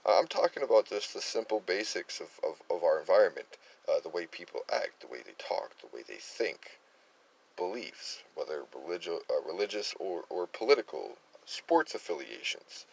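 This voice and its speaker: Low-voiced opinionated man, Massachusetts accent. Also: very animated, moderate pace, gravelly, poor audio. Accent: Massachusetts (Worcester). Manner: rambling, opinionated, many fillers and restarts. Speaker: political commentary host. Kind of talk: casual monologue commentary.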